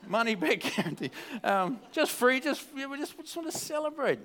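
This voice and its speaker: A man's voice: extremely high pitch, sing-song, a little fast, a bit bright. A man preaching a casual sermon at a church service into a microphone, chatty and joking, often restarting his sentences. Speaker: pastor.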